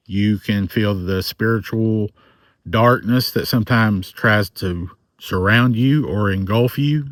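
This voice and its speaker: Southern US man, 40s, thick drawl, slow sincere testimony, mid pitch, dry room. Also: fairly bright tone, dry recording. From American South. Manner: slow, earnest, faith-filled. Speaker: paranormal content creator. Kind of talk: personal testimony to camera.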